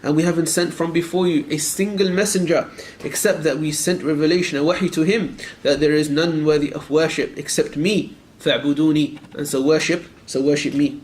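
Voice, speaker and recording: Fast-talking man teaching a creed class. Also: fairly high pitch, fairly even intonation, a little mellow, a little hiss or hum. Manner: questions the students directly, repeats phrases for emphasis; recites Arabic verses quickly. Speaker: Islamic teacher. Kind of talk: classroom lecture on a creed text.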